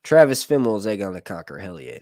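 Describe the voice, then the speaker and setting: A man's voice: lowish voice, big pitch swings, fast talker, a little mellow, no echo, clean studio sound. Crude, joking man on a livestream. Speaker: YouTube show host. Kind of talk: casual livestream chat.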